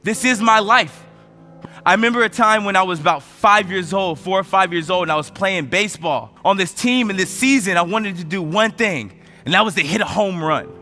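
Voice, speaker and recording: A man from the United States delivers a motivational talk with a high, bright, forceful voice. He tells stories with energy that swells as he goes. Soft music runs faintly underneath. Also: normal speed. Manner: energetic storytelling, voice rising with emotion. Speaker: motivational speaker. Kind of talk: motivational speech.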